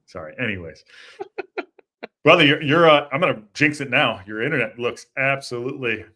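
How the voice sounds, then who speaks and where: A man hosting a live football fan show, chatting casually in a jokey way, with quick apologetic asides. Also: mid-range voice, expressive, pushed and bright. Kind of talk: casual live-stream chat.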